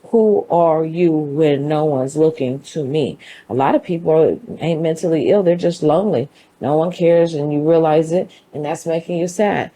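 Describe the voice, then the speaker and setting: A woman with a lowish, mellow voice talks straight to the listener in a motivational monologue. She is emphatic and conversational, with a preachy edge. Her tone stays relaxed and warm even as she drives her points home. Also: moderate pace, low-quality recording. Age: adult mother. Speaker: show host.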